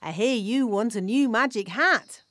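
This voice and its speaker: A woman voicing a bossy, know-it-all fairy nanny who talks in a brisk, scolding, matter-of-fact way. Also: on the high side, a bit bright, no echo, clean studio sound.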